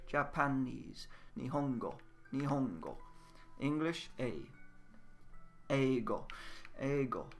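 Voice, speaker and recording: Bright-voiced man teaching Japanese words. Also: medium pitch. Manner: patient, repetitive drilling of words. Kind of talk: casual spoken language lesson. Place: indoors at a computer, game voice chat.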